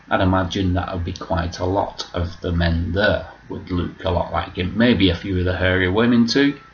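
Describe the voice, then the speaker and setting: A low-voiced man in a casual vlog, rambling loosely and swearing freely. The recording is dull and lo-fi. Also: creaky, slight background noise. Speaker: vlogger.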